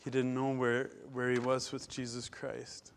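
Male preacher, sermon, emphatic, loud stresses and hushed drops. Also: mid-range voice, monotone, a little slow, vocal fry, slight background noise.

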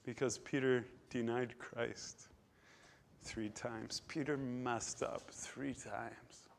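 A man preaching a sermon, emphatic, swinging between loud stressed words and quiet, low drops. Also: steady tone, slow pace, gravelly, a little hiss or hum.

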